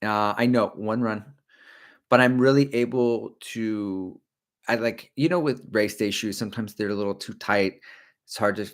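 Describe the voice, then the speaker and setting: Brief: middle-aged male host, casual rambling livestream chat, slightly low pitch, jokey asides. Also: normal speed. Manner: rambling, jokey, talks to viewers; slips briefly into silly character voices. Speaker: running channel host.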